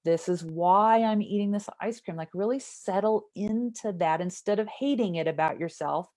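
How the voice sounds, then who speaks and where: A woman's voice: mid-range voice, moderate pace, darkish tone. A woman who works as a somatic trauma therapist, explaining earnestly as an interview guest and often checking in with "right?".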